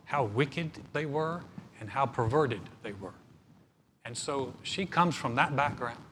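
A male pastor preaching a sermon in a church hall, animated, acting out little scenes as he teaches. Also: mid-range voice. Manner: animated, acts out dialogue. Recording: echoey hall, faint noise.

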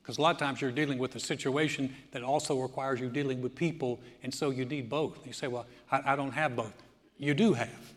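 A man's voice: mid-range voice, brisk. A man in his sixties preaching a sermon, telling stories with laughs and frequent restarts. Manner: animated storytelling with laughs and restarts. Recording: long hall reverb.

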